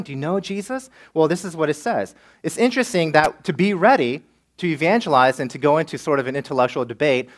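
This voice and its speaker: A male pastor preaching a sermon and acting out the voices of the people in his examples. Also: on the high side. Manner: animated, acts out self-pitying and entitled voices.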